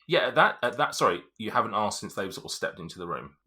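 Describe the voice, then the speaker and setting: Deep-voiced man running a tabletop game. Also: big pitch swings, fast, pushed and bright, breathy edge. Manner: hesitant, lots of ums while describing the scene, teasing the players. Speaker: game master.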